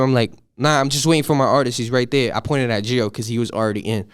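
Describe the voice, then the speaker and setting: An eighteen-year-old man excitedly telling a profane story, acting out the voices of the people in it. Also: medium pitch, fast, clean tone, no room sound, studio quality. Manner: animated, profane, acts out voices in his story. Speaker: podcast guest. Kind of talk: casual storytelling.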